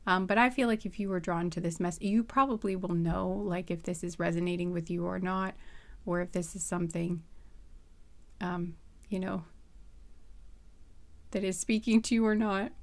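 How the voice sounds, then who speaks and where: A young adult woman giving a casual tarot reading, rambling with many fillers and soft laughs. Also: lowish voice, fairly even intonation, moderate pace, long pauses. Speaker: tarot reader.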